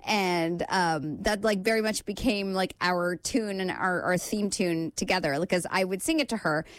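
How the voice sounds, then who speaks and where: A young woman hosting a radio show, chatting warmly and upbeat with frequent filler words as she reads listener messages. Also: lowish voice, moderate pace, no echo. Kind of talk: casual chat reading listener messages.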